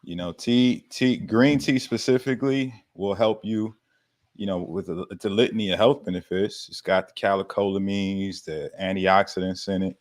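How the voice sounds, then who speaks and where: A man's voice: low voice, fairly even intonation, moderate pace. A man hosting a casual livestream Q&A about fitness, with laid-back slangy banter, frequent laughs and casual swearing. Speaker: fitness coach hosting a live Q&A.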